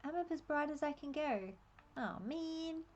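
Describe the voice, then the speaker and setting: An Australian woman streaming a game, chatting and thinking aloud in a relaxed, laughing way. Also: sits high, a little slow, slight background noise. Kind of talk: casual live-stream commentary.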